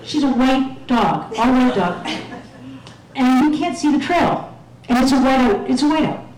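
A woman's voice: high voice, animated, unhurried, a little mellow. A woman telling a self-mocking personal story to an audience, sometimes acting out the voices of others. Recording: echoey room, mic at a distance.

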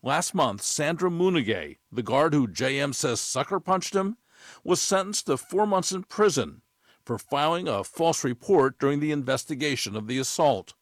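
Measured male news correspondent. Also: on the high side, no echo. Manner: measured, even delivery. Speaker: investigations correspondent. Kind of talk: scripted news report. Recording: dry studio voice.

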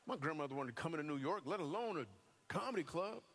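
Animated man telling a comic church testimony. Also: fairly high pitch, fast talker. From Michigan. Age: adult. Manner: animated storytelling, acting out other people's voices. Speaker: comedian and guest speaker. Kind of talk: comedic testimony to a church audience. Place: church hall with a live audience.

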